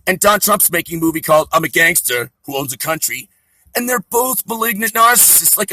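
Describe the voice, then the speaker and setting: A man's voice: fairly high pitch, pushed and bright, dry recording, rough recording. A man delivering a profane, sarcastic comedy rant.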